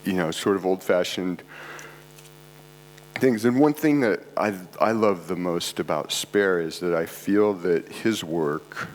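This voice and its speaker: A man's voice: deep voice, low-quality recording. A congested man giving a rambling, casual conference talk with offhand asides, recorded at a live event. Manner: casual, digressive, self-deprecating asides. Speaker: conference presenter. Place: art club event space, live audience. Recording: faint mains hum.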